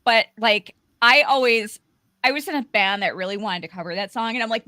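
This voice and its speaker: A woman's voice: a little high, a little fast, bright, forceful tone, dry recording, studio quality. A woman hosting a live aftershow stream, chatting casually with many fillers. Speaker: livestream host.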